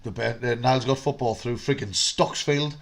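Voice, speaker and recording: A man's voice: mid-range voice, steady tone, slight background noise. A man, co-hosting a fan live stream and chatting casually about football, telling stories with some swearing. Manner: quick, chatty storytelling with swearing.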